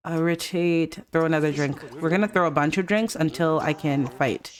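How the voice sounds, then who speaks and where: A woman chatting through a life-sim game session, excitable and reactive. Her voice swings from low mutters up to high squeals whenever something surprising happens. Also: normal speed, crowd noise. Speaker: let's play gamer. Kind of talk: casual game commentary.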